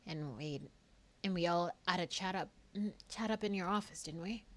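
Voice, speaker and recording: Woman doing a young cockney street girl, scrappy and jumpy, dropping low and soft. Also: moderate pace, lightly acted. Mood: nervous. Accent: put-on London cockney.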